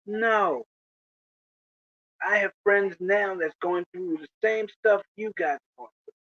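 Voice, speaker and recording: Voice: medium pitch, slow, a bit bright, no echo, highs cut off. A video creator giving a preachy, lecturing monologue to the camera, often asking "you know?". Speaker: video creator addressing rival channels.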